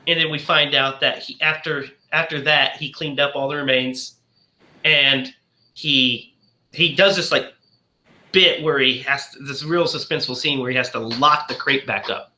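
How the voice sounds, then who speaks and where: A man's voice: medium pitch, normal speed. A male podcast host casually recapping a horror film's plot, animatedly acting out the characters' lines as he goes. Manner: animated storyteller who acts out the characters' lines. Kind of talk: casual movie discussion, retelling the plot. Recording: roomy echo.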